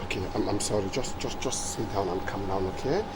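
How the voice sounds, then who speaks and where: An actress playing a harried TV producer who pleads and stammers. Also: female voice, a bass voice, fairly quick, background noise. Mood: pleading. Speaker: TV producer character.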